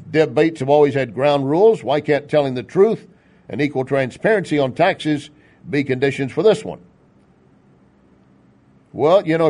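A man in his fifties giving opinion commentary, reading out a quoted proposal and then arguing against it with drawn-out emphasis. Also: medium pitch, warm tone. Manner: argumentative, drawn-out emphasis on key words.

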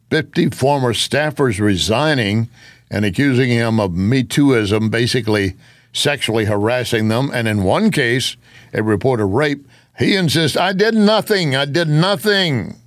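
A man's voice: mid-range voice, no echo, clean studio sound. A man giving an opinionated political commentary monologue, with sarcastic asides.

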